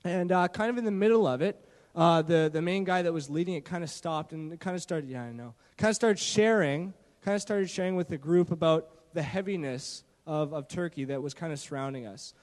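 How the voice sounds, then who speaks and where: Man, high voice, church testimony, animated storytelling, lots of fillers, handheld mic, long hall reverb. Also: a little fast. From Canada. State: shaky from not eating. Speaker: church youth leader sharing a mission trip story. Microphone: handheld microphone.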